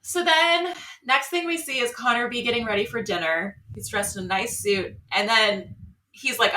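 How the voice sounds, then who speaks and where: A woman's voice: fairly high pitch, moderate pace, roomy sound, distant mic, a little hiss or hum. A woman co-hosting a podcast, recapping a reality show in casual chat and acting out the quotes as she goes. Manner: animated storytelling with acted-out quotes. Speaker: podcast co-host.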